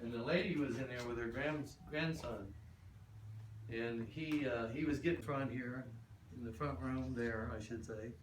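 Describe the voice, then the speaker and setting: A man's voice: mid-range voice, steady tone, measured pace. Older male tour guide, chatty storyteller, heard from afar, noisy room. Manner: chatty, acts out quoted voices. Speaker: ghost town guide. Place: old wooden building, indoors. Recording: roomy, distant, noisy camera audio.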